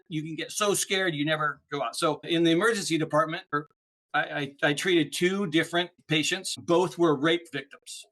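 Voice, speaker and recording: Male podcast guest, animated explainer, bright and slightly high voice. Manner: animated, explanatory, peppers talk with "right?". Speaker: podcast guest, speaker on neuroplasticity. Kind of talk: casual interview chat.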